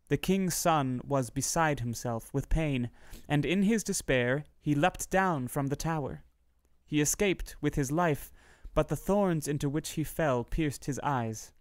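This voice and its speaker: A man narrating a fairy tale in a steady, measured storybook reading. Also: fairly high pitch, no echo, studio quality.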